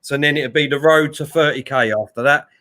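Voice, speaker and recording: A man with a slightly higher voice co-hosts a live football watchalong stream. He chats loosely, reads viewers' comments aloud and urges people to subscribe. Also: fairly quick, sharp tone. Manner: reads out chat messages, pushes subscribers. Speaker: co-host of a live match watchalong.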